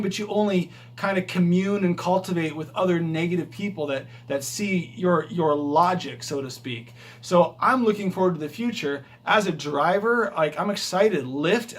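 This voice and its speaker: Man, high voice, rideshare driver vlog, emphatic motivational rambling, handheld phone at home. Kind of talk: casual vlog talk to camera. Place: his house, walking from hallway to bedroom.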